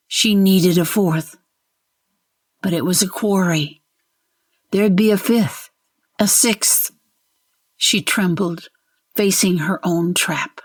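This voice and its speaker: A woman narrating a fantasy short story in a measured, deliberate way. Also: on the low side, breathy edge.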